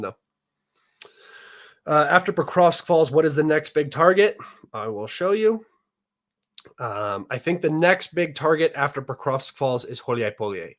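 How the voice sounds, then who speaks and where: A man's voice: medium pitch, fairly bright tone. A man answering viewer questions in a casual talk, rambling, with many fillers and restarts. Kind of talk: casual analysis chat.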